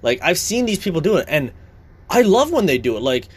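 A man's voice: fairly high pitch, sing-song, fairly quick, husky. A young man talking casually, blunt and profane, in a heated rant.

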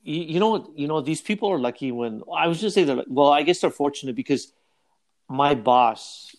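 A man in casual podcast chat, joking and animated, often laughing. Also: a little high, a little fast. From North America.

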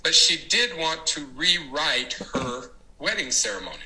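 A man, a church leader, telling an anecdote in a devotional talk, dramatic and animated, acting out the quotes. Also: fairly high pitch, normal speed, poor audio.

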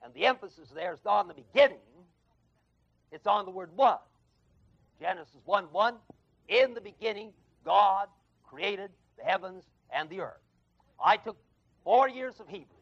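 A man's voice: sits high, expressive, moderate pace, gravelly, pauses often. A man giving an emphatic Bible lecture to an evening class, repeating and stressing key phrases and chuckling at his own stories. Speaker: Bible teacher. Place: evening adult education class at a college. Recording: dull, lo-fi 1970s tape of a dry classroom.

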